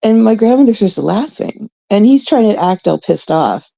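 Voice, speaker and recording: A woman's voice: medium pitch, expressive, normal speed, gravelly, mellow, low-quality recording. A woman in her thirties, a host from Canada, telling a rambling, casual story full of swearing and quoted voices. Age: 30s.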